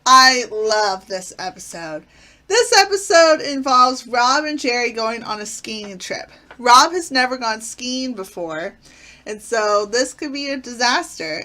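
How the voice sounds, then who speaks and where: Woman recapping her fave sitcom eps, kinda high voice, excited, lots of likes and ums. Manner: enthusiastic, retells plots with fillers. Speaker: channel host. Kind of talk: casual episode review.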